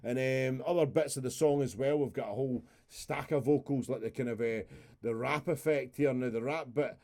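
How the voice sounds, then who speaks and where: A man's voice: medium pitch, moderate pace, vocal fry, darkish tone. A man, casually walking through a music production session on a live stream, chatty and rambling with the odd swear word.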